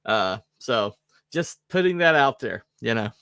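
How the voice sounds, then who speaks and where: Recorded in a clean studio with no echo, a mid-range male voice swings widely in pitch at a measured pace, fairly bright and clean in tone. The speaker, a podcast co-host from the Southern United States, chats loosely and self-deprecatingly, with plenty of fillers and joking digressions.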